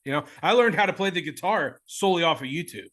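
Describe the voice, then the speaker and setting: Man, Southern US twang, bright and a bit high, excitable rambling podcast host. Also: fast. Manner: excitable, laughs a lot, rambling. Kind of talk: casual chat.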